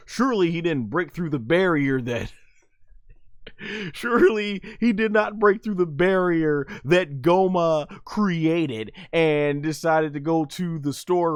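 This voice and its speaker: Excitable higher-voiced man recapping an episode. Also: no room sound, studio quality. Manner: animated, sound effects, laughs often. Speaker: anime review podcast host. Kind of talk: excited episode play-by-play on a livestream.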